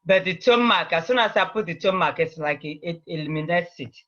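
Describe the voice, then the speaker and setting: A patient language teacher leads an online class in a high, bright male voice, unhurried and carefully repeating each word slowly so students can copy. The audio comes through muffled and lo-fi over a video call.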